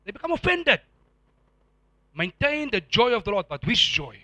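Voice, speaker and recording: A man preaching a sermon as pastor, animated and firing rhetorical questions at the congregation. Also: high-pitched, normal speed, dry recording.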